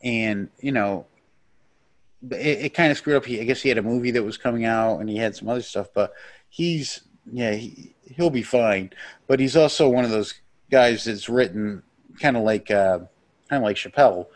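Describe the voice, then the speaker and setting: A man's voice: medium pitch, normal speed. A man, a stand-up comedian, chatting as a guest on a podcast in a blunt, rambling, profane way. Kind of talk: casual podcast chat.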